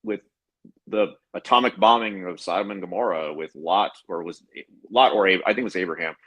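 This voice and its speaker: A man co-hosting a podcast in casual discussion, reading scripture aloud and mocking it with sarcastic, animated remarks. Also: deep voice, brisk, breathy edge, poor audio. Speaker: podcast co-host.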